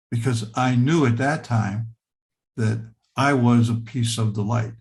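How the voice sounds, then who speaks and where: A man's voice: mid-range voice, fairly even intonation, a little slow, gravelly, darkish tone. An older man earnestly telling a personal story, acting out bits of dialogue. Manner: earnest, repetitive, acts out dialogue. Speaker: speaker sharing a near-death experience.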